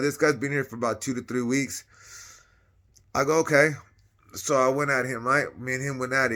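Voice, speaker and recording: Man from Northern California, bright voice, casual slangy storyteller, rambling, acts out the dialogue. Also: mid-range voice. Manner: slangy, rambling, animated retelling with quoted dialogue. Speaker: vlogger telling his story.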